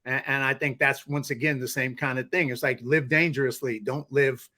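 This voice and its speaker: Male podcast host, rambling and loose, average pitch. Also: fairly even intonation, normal speed, sharp tone. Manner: rambling, with many fillers and restarts. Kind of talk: casual interview chat.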